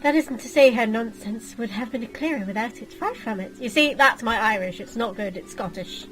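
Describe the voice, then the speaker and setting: A woman's voice: fairly high pitch, moderate pace, a bit bright, faint music behind, poor audio. A woman hosting a game playthrough, reading the text aloud with playful, jokey asides. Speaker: let's play host.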